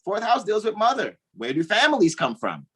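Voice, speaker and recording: A man with a husky, slightly breathy voice talks astrology over a video call. His pitch leaps and swoops as he explains. He speaks in a loose, animated way, often laughing. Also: brisk. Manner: animated, laughing, thinking aloud. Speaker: astrology co-host. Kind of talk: casual astrology talk.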